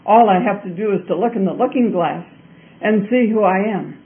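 A man's voice: high voice, normal speed. A man voicing a vain young princess who questions earnestly and in bewilderment. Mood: indignant. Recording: tinny phone-like recording.

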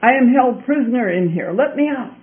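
Man doing a trapped inner spirit, sobbing, pleading, high, tinny phone-line sound. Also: expressive, fairly quick. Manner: pleading, repeated cries.

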